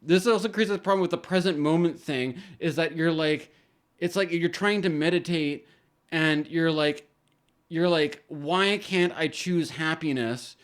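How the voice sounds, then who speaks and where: A man's voice: on the high side, moderate pace. A man hosting an astrology channel, talking in a casual rambling monologue with many restarts and casual swearing.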